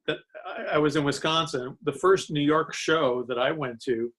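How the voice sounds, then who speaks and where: A man guest on a casual podcast chat, relaxed and laughing often as he recalls details. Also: a little high, normal speed. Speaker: comic artist and writer guest.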